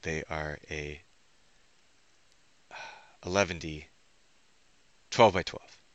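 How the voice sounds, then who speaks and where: Deep-voiced man ranting profanely. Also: sharp tone, no room sound, highs cut off. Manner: profane, restless, thinking aloud; self-interrupting, trails off mid-sentence. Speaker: vlogger. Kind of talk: rambling monologue.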